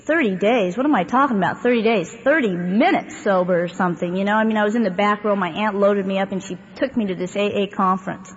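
A woman's voice: mid-range voice, fast, few pauses. Woman sharing her story in an echoey hall. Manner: conversational and rambling, with many fillers and wry humor. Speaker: speaker sharing her recovery story at a twelve-step meeting. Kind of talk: personal testimony talk to a live audience. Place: meeting hall with an audience. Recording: dull, echoey hall recording with faint hiss.

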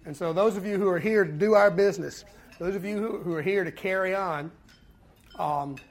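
A man giving a personal recovery talk to a fellowship meeting, telling his story earnestly with pauses and repeated words. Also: high voice. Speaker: speaker at a twelve-step fellowship meeting.

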